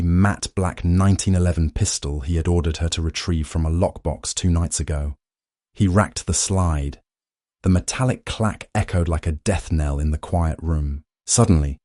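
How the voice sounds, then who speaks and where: A man narrates a suspense story in a steady, dramatic storytelling voice. His voice is very low and deep. The recording is dry and close, with no room echo.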